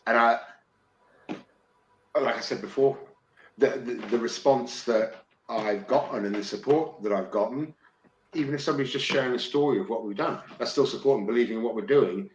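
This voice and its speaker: A man from England chats on a podcast, excitable and quick to swear, often tripping over his words and starting again. His voice sits at an average pitch. The recording has a roomy echo and a faint hiss behind it. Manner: excitable, swears freely, stumbles and restarts. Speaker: podcast guest. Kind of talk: casual podcast chat.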